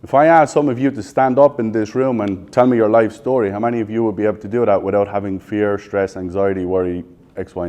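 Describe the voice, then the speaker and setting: This Irish man in his thirties runs a live sales session, shooting quick questions at the audience and answering them bluntly, swearing now and then. His voice is medium in pitch with a somewhat dark tone.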